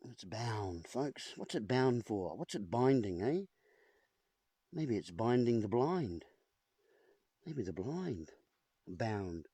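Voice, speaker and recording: Male host, playful wordplay rambler, animated delivery, dry room. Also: on the low side, takes it slowly, long pauses, husky, no room sound. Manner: playful, punning, addresses viewers as folks. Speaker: video host. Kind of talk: rambling wordplay monologue to camera. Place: at home with a whiteboard. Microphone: camera in front of him.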